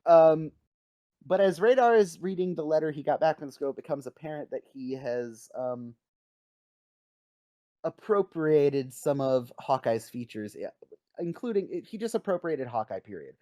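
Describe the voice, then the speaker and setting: Brief: male podcast co-host, lively chatty recap voice, close dry sound. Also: fairly high pitch, moderate pace, dry recording. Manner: animated retelling, frequent "like". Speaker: scout leader. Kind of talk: casual chat.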